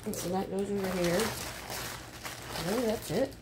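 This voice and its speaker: A woman's voice: medium pitch, unhurried, background noise. An older woman chatting casually at home while she unboxes a shopping haul, muttering asides and getting frustrated. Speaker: haul vlogger. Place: home room.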